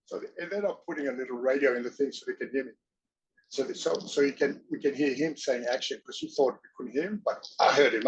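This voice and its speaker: A man as an interview guest, telling stories in an animated way, often laughing and acting out voices. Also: a little high, quick pace, slight background noise, poor audio. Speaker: interview guest, wrestler and actor. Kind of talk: casual storytelling.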